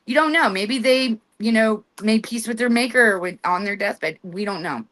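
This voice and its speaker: A woman's voice: on the high side, normal speed, fairly bright tone. A woman hosting a radio show, giving casual, emphatic instructions and acting out commands in a firm voice. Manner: chatty, emphatic, acts out commands with authority.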